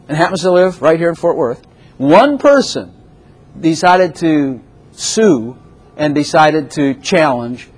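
A man preaching a sermon as a pastor, animated, with laughing asides and repeated phrases for emphasis. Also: fairly high pitch, husky, poor audio.

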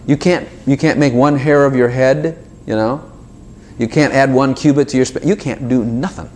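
A preacher with a mid-range male voice speaks at a normal pace over a faint hiss or hum. He gives an informal sermon to a small group, animated and talking straight to his listeners, full of asides and little acted-out dialogues.

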